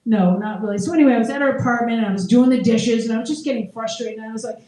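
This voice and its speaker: Rapid-fire and with few pauses, a middle-aged woman delivers an open mic stand-up set in a fairly high, dark-toned, steady voice. She talks conversationally, runs herself down for laughs, and cracks up at her own jokes, all captured by a distant mic in an echoey room.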